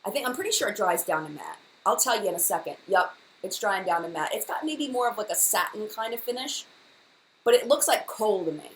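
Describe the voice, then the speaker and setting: A woman's voice: mid-range voice, expressive, brisk, slight background noise, low-quality recording. A woman hosting a casual live-stream makeup chat, gushing and enthusiastic, often repeating herself. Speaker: beauty vlogger, live chat host.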